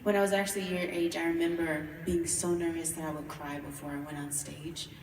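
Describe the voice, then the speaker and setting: A young woman singer answering a fan's question on stage, earnest and reflective, with frequent pauses on "um.". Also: sits low, level tone, a little mellow. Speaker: pop group singer answering fan questions. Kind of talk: casual Q&A on stage. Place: large concert hall. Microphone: phone filming from the audience. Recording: echoey hall from far off, with noise.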